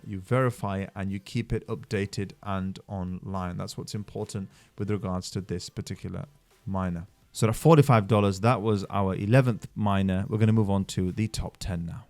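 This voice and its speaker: A man hosts his own channel and talks through a screen-share explainer. He is upbeat and salesy, and his pitch and loudness swing widely. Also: moderate pace. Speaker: channel host reviewing mining projects.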